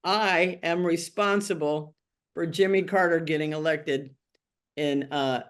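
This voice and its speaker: A woman's voice: sits low, unhurried. An older woman from Tennessee, telling her life story frankly and wryly in an oral history interview, acting out the voices of people she quotes. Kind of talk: candid personal storytelling.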